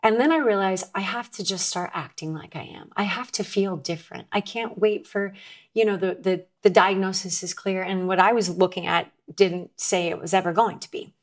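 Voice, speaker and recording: A woman's voice: mid-range voice, moderate pace. A woman guest telling a personal story in an earnest, candid way, often restarting her sentences. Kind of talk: conversational storytelling.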